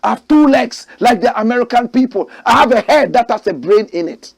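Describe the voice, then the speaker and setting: A man's voice: extremely high pitch, expressive, brisk, gravelly. A Ghanaian man hosting a political commentary show, preaching in rhetorical, outraged bursts. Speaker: host.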